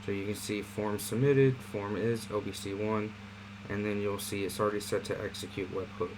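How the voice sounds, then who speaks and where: A man casually walking viewers through an online marketing platform in a screen-share tutorial, talking in a relaxed, conversational way with fillers. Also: fairly low pitch, normal speed, background noise.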